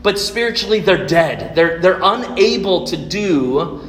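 A man preaching a sermon, asking his congregation rhetorical questions between dramatic pauses. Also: high-pitched, expressive, fairly bright tone. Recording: echoey hall with long reverb.

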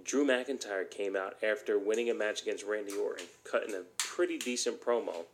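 A man's voice: on the low side, a little fast. A man hosting a solo podcast, ranting bluntly and heatedly, swearing often. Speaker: podcast host.

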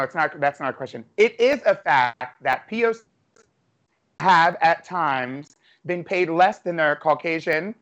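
A high-voiced man hosting a podcast with a playful, teasing energy. He keeps the casual chat moving along. The audio sounds dull and lo-fi. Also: fairly bright tone. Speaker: podcast host.

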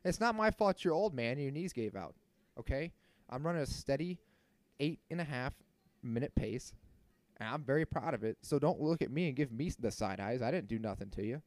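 A podcast host in his thirties tells a story in a casual monologue, worked up, indignant and animated, cursing freely while keeping the story moving. His pitch is a steady middle and his pace fairly quick. The recording is dry and close, with no room sound.

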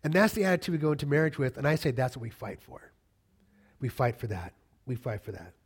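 A man's voice: mid-range voice, big pitch swings, quick pace, breathy edge. A middle-aged man preaching a sermon as a pastor, conversational and emphatic, repeating key phrases and joking casually with the congregation.

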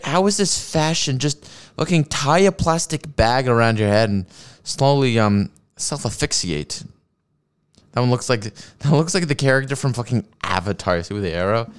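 At a desk with a streaming mic and mixer, a man reacts to videos in a sarcastic, profane rant, swearing often and laughing at his own jokes. His voice is medium in pitch, animated and smooth, delivered at normal speed.

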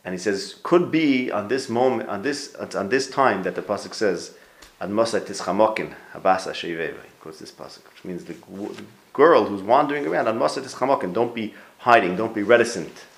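A man with a lowish voice teaches an informal Torah class in a roomy space. He talks conversationally, restarts his sentences and turns to his listeners with questions. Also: fairly quick, vocal fry. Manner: conversational, thinks aloud, restarts and quizzes listeners. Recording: roomy echo.

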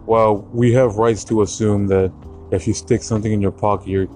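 A man's voice: on the low side, little pitch movement, moderate pace, darkish tone, soft background music, natural voice. A man voicing a suspicious, officious male store security guard in his own storytelling.

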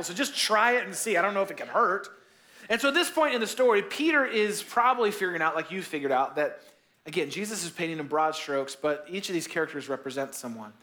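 A man's voice: high-pitched, bright, forceful tone. A male pastor giving a sermon, telling a story in a casual, conversational way with joking asides.

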